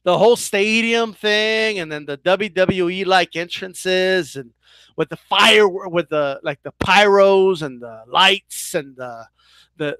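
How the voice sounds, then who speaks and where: A man's voice: sits high, fairly bright tone, clear, resonant tone, no room sound. A man ranting in a casual vlog as a boxing commentator, swearing freely, stumbling into restarts and keeps asking his viewers "right?". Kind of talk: casual opinion rant.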